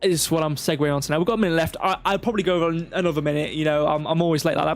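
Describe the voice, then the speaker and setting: A man's voice: on the high side, racing. A man hosting a live crypto stream, walking through charts step by step with rambling, self-deprecating asides. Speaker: crypto livestream host.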